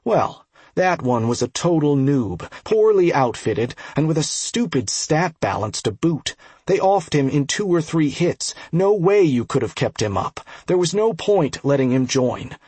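A man voicing a tired, wary veteran male dagger fighter who speaks in a low voice. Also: big pitch swings, unhurried, a little mellow, breathy edge, no room sound, heavily acted. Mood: weary.

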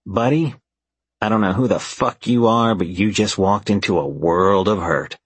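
Menacing male gunman, profane and threatening, low husky tone, as read by a male narrator. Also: moderate pace, dry recording. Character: menacing male armed thug.

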